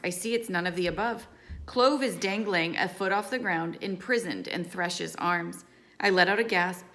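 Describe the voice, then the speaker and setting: A woman reading a novel aloud in steady first-person storytelling. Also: on the low side, gravelly. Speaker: audiobook reader.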